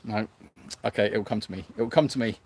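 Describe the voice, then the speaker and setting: A man's voice: fairly low pitch, a little fast, darkish tone, husky. A man hosting a sanctuary livestream, reading viewer comments aloud in a hesitant, self-mocking way with lots of fillers. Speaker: animal sanctuary host.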